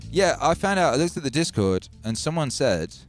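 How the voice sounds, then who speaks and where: A man from Wales with a Midlands accent touched by Welsh, hosting a casual livestream, animated and swearing freely, repeating lines for emphasis. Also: a little high, normal speed, faint music behind. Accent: English Midlands with a Welsh tinge. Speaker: music producer hosting a livestream.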